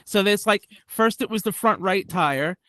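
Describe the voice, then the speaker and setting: A man's voice: high-pitched, moderate pace, pushed and bright, no room sound. A man doing a stand-up comedy set at a club, rambling and self-deprecating with many restarts and asides. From United States.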